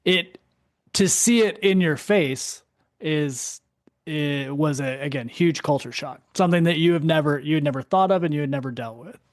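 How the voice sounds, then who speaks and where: A man's voice: fairly high pitch, normal speed, dry recording, clean studio sound. A man hosting a podcast, speaking frankly, with short restarts. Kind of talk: casual podcast conversation.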